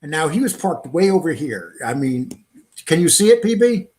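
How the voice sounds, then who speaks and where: A man's voice: a little high, very animated, normal speed, a little mellow, breathy edge. A man hosting a casual podcast chat, pressing points with emphatic rhetorical questions.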